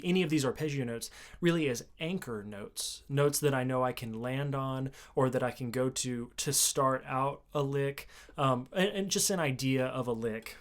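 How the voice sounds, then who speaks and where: A man giving a casual video lesson on the mandolin, explaining in a relaxed way with fillers and restarts. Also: medium pitch, unhurried, faint music behind. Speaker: mandolin teacher. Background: mandolin playing between phrases.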